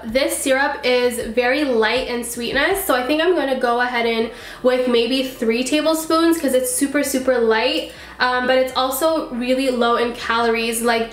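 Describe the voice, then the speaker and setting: Upbeat woman cooking-channel host, high voice, congested and nasal from a cold, chatty with fillers, in a roomy, echoing kitchen. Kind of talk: casual chatty vlog. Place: home kitchen. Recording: echoey kitchen.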